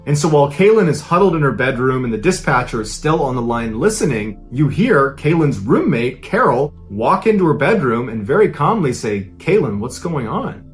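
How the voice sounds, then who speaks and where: A man recounts a true-crime story, casual and conversational but building suspense. His voice sits at a mid pitch with faint music underneath. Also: big pitch swings, moderate pace, hardly any pauses. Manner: dramatic, conversational retelling.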